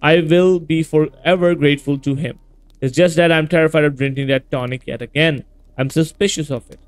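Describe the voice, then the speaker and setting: A man's voice: a little high, fairly even intonation, a little fast, clean tone, dry recording, natural voice. A man voicing a frightened young male former asylum patient in a horror game, reading his lines in an anxious, confessional way. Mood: fearful.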